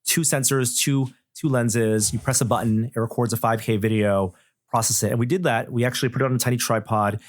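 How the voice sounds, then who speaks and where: A man's voice: lowish voice, no room sound, clean studio sound. A middle-aged man, a tech journalist guesting on a podcast, talking thoughtfully and rambling with many restarts. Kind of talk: casual podcast chat.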